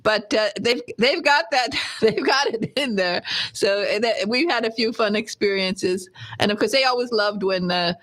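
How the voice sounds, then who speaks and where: A woman's voice: medium pitch, moderate pace, a bit bright. Woman talk-radio host in a mid-range voice, easygoing and chatty, laughs as she talks. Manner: chatty, laughs between words. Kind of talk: casual radio interview chat. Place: radio studio.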